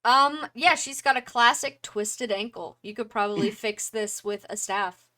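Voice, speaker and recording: A woman's voice: a little high, measured pace, noisy background. A woman narrating a tabletop game as game master, loose and playful, with many fillers.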